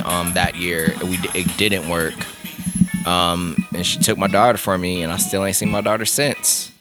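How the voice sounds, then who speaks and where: A man hosting his own podcast, talking alone in a candid, rambling way with lots of swearing and filler words. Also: low voice. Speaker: podcast host. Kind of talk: solo casual monologue.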